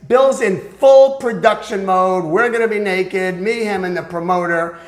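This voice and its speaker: A man's voice: high-pitched, moderate pace. An older man telling anecdotes as a guest in an interview, acting out the voices of the people in his stories. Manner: animated storyteller who acts out other people's voices. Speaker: guest recalling a music career. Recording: echoey room.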